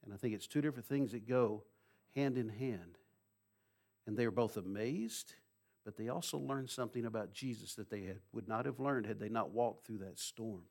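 A man preaching a sermon, retelling a story with lively humor and asides to the congregation. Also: lowish voice, moderate pace, creaky. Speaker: pastor.

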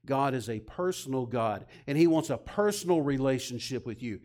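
A man preaching a sermon, retelling scripture with heavy pauses and swinging from loud urgent emphasis to hushed, near-whispered intimacy. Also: medium pitch, lively intonation.

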